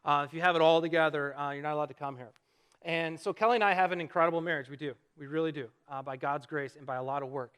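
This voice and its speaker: High, bright-voiced pastor preaching a sermon. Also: male voice, fast talker, clean tone. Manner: conversational, self-deprecating storytelling with rhetorical questions. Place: church sanctuary before a congregation.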